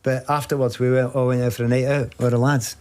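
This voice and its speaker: A man's voice: mid-range voice, fast. A Scottish man chatting as a guest, swapping stories in a casual conversation. He tells his anecdotes with energy and keeps breaking into laughter, putting on the voices of the people in them. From Scotland. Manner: animated storyteller, laughs often, acts out quoted voices. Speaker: guest, former footballer.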